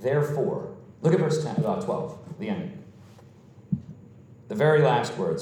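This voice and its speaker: Preaching pastor, man, high voice, echoey hall from a distance, forceful emphatic delivery. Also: big pitch swings, moderate pace, background noise. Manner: emphatic preaching, rising to exclamations. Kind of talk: sermon. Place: church sanctuary.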